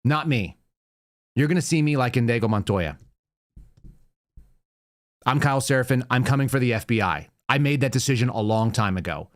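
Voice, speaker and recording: A man's voice: medium pitch, animated, normal speed, pauses often. Ranting man hosting a commentary show. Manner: ranting, sarcastic. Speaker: show host. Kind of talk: opinionated political commentary.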